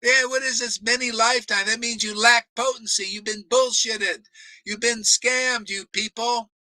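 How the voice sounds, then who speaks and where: A man's voice: very high-pitched, steady tone, normal speed, bright, forceful tone, dry recording, low-quality recording. A man preaching a blunt, combative sermon, swearing for emphasis and laughing between remarks. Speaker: spiritual teacher. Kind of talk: ranting sermon.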